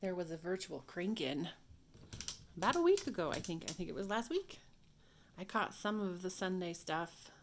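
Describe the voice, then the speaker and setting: A woman's voice: fairly low pitch, big pitch swings, moderate pace, slight background noise. A woman at home giving a casual hands-on tutorial, chatting and thinking aloud as she works. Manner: chatty, talks to herself while working, drops to whispers. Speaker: craft video host. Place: home craft room.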